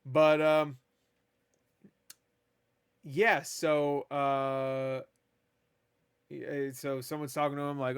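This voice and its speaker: A man's voice: medium pitch, little pitch movement, slow pace, long pauses, clear, resonant tone. A man ranting through a casual film review in a profane, sarcastic, rambling way, recorded at a table indoors. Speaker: movie reviewer.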